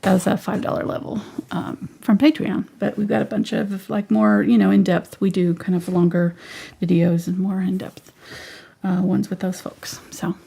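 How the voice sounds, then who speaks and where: A woman's voice: medium pitch, little pitch movement, normal speed, vocal fry, warm tone, husky. A woman hosting a live painting lesson, easygoing and laughing often as she chats. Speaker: painting instructor. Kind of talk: live painting stream chat.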